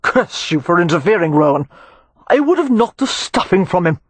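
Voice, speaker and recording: Narrator doing a growling drunken brawler. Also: male voice, sits high, very animated, normal speed, slightly rough, dry recording, heavily acted. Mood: angry. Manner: growling, belligerent. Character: drunken, brawling gentleman, ungrateful and hot-tempered.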